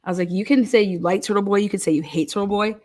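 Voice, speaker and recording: With a medium-pitched, slightly mellow voice, she talks very fast. The online commentator tells casual, profane stories, laughing often and filling them with "like."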